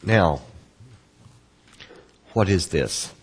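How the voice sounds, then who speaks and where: A man teaching an online course, patiently answering student questions and explaining terms slowly with repetition. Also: low-pitched, animated, slightly rough. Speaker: Kabbalah course instructor.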